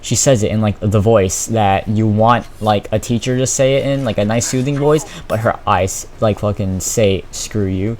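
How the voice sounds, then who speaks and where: A man's voice: on the low side, moderate pace, hardly any pauses, darkish tone. Profane, exasperated teenage boy vlogger. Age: teens. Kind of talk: casual storytelling vlog.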